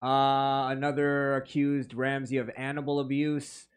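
A man's voice: medium pitch, level tone, unhurried, clear, resonant tone. Blunt, profane podcast co-host man. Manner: blunt, profane, reads news quotes aloud. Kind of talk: casual podcast banter.

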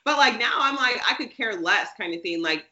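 Young woman podcast co-host, rambly, "like"-heavy, bright sharp tone, echoey lo-fi room. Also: on the high side, lively intonation, a little fast. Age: young adult. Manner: rambling, says "like" constantly. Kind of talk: casual chat. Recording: echoey room, dull lo-fi sound.

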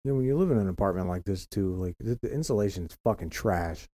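A man's voice: low-pitched, expressive, fast, mellow, no echo. A man from Florida co-hosting a casual podcast, rambling and swearing constantly. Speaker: podcast co-host. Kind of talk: casual profane chat. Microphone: home podcast mic setup.

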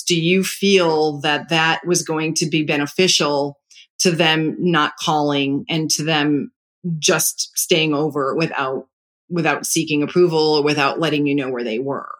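A calm, measured middle-aged voice giving parenting advice in a relaxed, conversational way. The speaker works through personal stories at an even, unhurried pace, sitting at a middle pitch. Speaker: parenting advisor. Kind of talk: casual advice talk.

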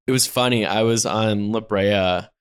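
A young man co-hosting a podcast in casual chat, rambling and animated, full of "like" and casual swearing. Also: on the low side, measured pace, clear, resonant tone. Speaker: podcast co-host.

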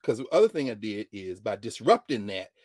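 A man, a professor telling a story in an animated lecture and acting out the dialogue. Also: fairly quick, no echo, studio quality. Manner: dramatic, acts out dialogue, swings from low mutters to loud exclamations. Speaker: professor hosting a class-style show.

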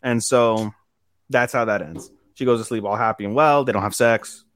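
Young dude podcast host, rambly and sweary, bounces into quick character voices, mid pitch, dry mic. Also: male voice, fairly bright tone, no room sound. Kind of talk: casual anime recap.

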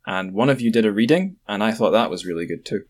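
A man's voice: on the low side, lively intonation, fast talker. A Scottish man co-hosting a podcast, chatting casually with joking asides. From Scotland. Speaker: podcast co-host. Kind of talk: casual chat.

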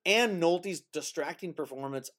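A man's voice: a little high, unhurried, a bit bright. A man co-hosting a casual film review chat, agreeable, often chiming in with short yeahs and now and then putting on impressions. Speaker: podcast co-host.

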